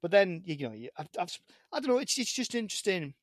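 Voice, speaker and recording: A man's voice: high-pitched, very animated, fast, no room sound, studio quality. A man with a strong British accent, a guest on a podcast, chatting casually over a video call with many restarts. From Britain. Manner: rambling, many restarts and repeated words. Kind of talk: casual chat.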